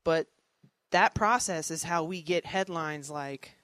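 Stand-up comedian, thirties, animated storyteller who acts out other voices. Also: mid-range voice, slow pace, no echo.

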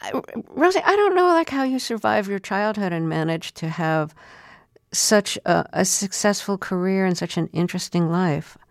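An interviewer asking gentle, probing questions. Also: mid-range voice, lively intonation, normal speed, gravelly, no room sound, studio quality.

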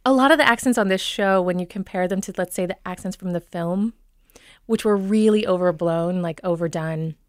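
A woman's voice: on the low side, brisk, clean tone, no room sound, clean studio sound. A woman with a Minnesota accent, a dialect coach, explaining accents in an enthusiastic radio conversation, with frequent ums. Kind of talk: expert guest in radio talk.

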